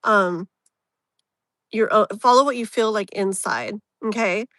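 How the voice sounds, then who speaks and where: A woman's voice: mid-range voice, slow, a bit bright, no echo. A woman hosting a casual live tarot reading, rambling and emotionally open, with lots of fillers. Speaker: tarot reader, live stream host.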